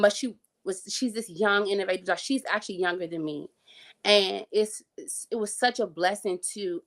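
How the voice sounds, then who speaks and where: Chatty woman telling her story. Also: medium pitch. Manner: chatty, frequent fillers and restarts, occasional laughs. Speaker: guest sharing her health story. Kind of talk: casual interview storytelling.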